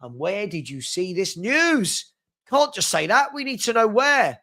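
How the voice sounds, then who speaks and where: A man's voice: sits high, big pitch swings, unhurried, sharp tone. Chatty man with a cold. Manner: chatty, playful, teasing, repeats himself. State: has a cold. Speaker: host of a live fan chat stream. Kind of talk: casual live-stream chat reading viewer comments.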